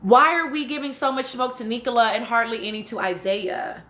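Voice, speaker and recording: Fairly quick and a little high, with a fairly bright tone, this podcast host answers her live chat comments on stream. She talks casually and emphatically, often checking in with "right?", in a roomy-sounding space.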